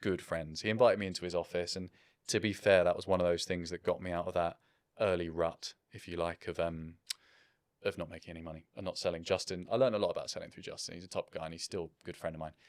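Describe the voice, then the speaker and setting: A man's voice: deep voice, flat delivery, quick pace, no room sound, clean studio sound. A man in his thirties, a business founder, talking in a casual interview in a reflective, self-deprecating way.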